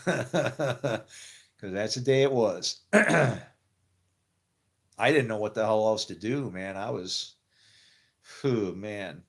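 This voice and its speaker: A middle-aged man with a low voice tells a personal story in loose, rambling fashion. He laughs often, trails off and restarts, and acts out other people's lines in sudden higher voices. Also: vocal fry. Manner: rambling, animated, quick to laugh and quote people. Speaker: actor telling his faith story. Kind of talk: casual storytelling.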